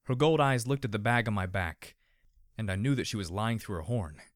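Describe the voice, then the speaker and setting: Lively-voiced male story narrator, dry close sound. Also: lowish voice, a little fast, no room sound.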